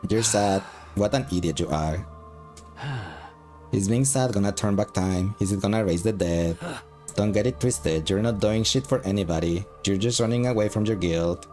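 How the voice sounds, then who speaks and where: A bitter male demon soldier full of self-hatred, as a man reads him in his own low voice. He swears constantly in a flat monotone, and faint game music sits underneath. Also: moderate pace, close to an everyday voice. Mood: contemptuous. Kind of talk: game dialogue read aloud.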